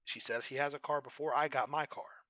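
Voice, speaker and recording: A young man streaming, telling a story in an animated, exasperated way. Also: mid-range voice, brisk, no echo. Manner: animated, exasperated, rising to outrage.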